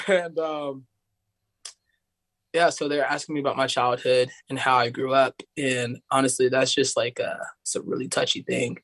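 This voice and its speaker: A man's voice: mid-range voice, flat delivery, normal speed, fairly bright tone. A young man from Tennessee, telling a story in a rambling, casual way, full of "like". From Tennessee, USA. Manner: rambling, heavy use of "like", acts out voices of others. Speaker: podcast guest, singer.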